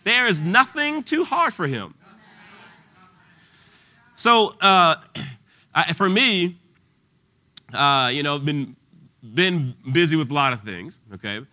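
A man's voice: a little high, big pitch swings, slow, long pauses, sharp tone. A man preaching an informal sermon in a conversational way, full of restarts and fillers, at times rising to bold declarations.

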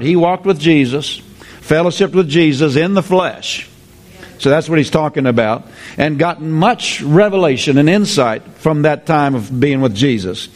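Preacher man, lively and repetitive. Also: fairly high pitch, moderate pace. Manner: lively preaching with call-and-response, repeats phrases. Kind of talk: sermon.

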